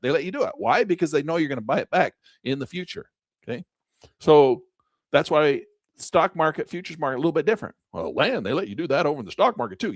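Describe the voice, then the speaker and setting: A man teaching day trading over a chart in a folksy, excitable way, with a dry close mic. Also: a little high, no echo. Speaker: trading instructor. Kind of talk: screen-share trading lesson.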